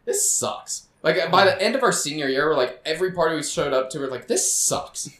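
A man's voice: fairly high pitch, racing, over a noisy crowd. A young man co-hosting a podcast, teasing his friend with crude jokes and frequent swearing. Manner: teasing, swearing, laughs often. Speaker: podcast co-host. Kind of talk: crude casual podcast banter. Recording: echoey room.

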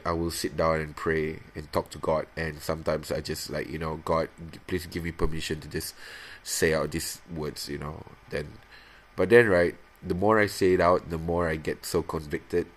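Low-voiced man rambling through a confession. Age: 30s. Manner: rambling, halting, with many restarts; bursts into high-pitched playacting when imitating himself. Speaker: podcast host. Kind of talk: casual personal confession.

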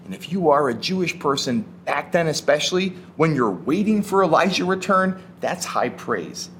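A male pastor delivers a sermon in an animated, storytelling way, his pitch swinging widely as he leans into key words. He drops into casual, conversational asides between readings. A faint hum of ambience sits under the voice. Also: moderate pace.

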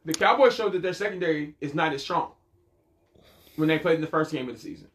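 A man in a casual sports chat, animated and talking over the others, often repeating himself. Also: fairly high pitch, quick pace.

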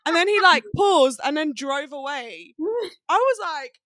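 A young woman in her twenties chats on a podcast in a bright, fairly high voice. She tells stories in an animated way, often laughing through her words. The sound is close and dry. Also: measured pace, no room sound. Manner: animated storyteller, laughs while talking. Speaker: podcast co-host. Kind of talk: casual chat. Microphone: video call.

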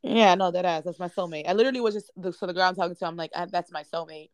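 A woman's voice: lowish voice, rapid-fire, no room sound, clean studio sound. A young woman, co-hosting a casual podcast chat, blunt and playful. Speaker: podcast co-host.

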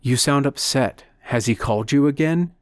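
A man voicing a hoarse, sleepy man woken in the night, impatient, in an audiobook. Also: medium pitch, normal speed, no room sound, studio quality, lightly acted. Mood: worried.

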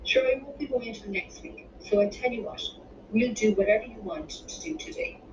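A woman voicing a thirty-something mother, bright and coaxing with her children. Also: fairly high pitch, brisk, noisy background, close to an everyday voice. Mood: tender. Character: warm Irish mother in her late thirties. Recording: distant roomy dull-sounding recording.

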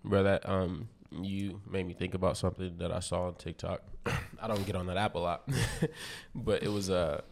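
A man co-hosting a casual faith podcast with a stuffy nose, talking in an animated way and laughing often. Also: normal speed, creaky, a little hiss or hum. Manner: animated, laughs often, rises in pitch when excited. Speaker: podcast co-host.

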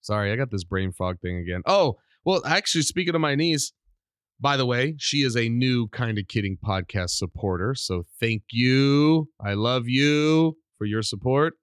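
A middle-aged man hosting a casual solo podcast, rambling and animated while under the weather with a cough. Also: mid-range voice, normal speed, smooth, no room sound, clean studio sound. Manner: rambling, animated, self-deprecating. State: sick with a cough. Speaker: podcast host.

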